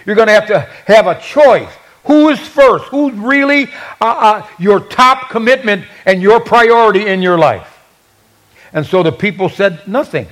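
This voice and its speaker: A man preaching a sermon from the pulpit. His voice sits high for a man and swings widely in pitch, and he tells the story with animated, humorous energy. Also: a little slow, low-quality recording. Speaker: pastor.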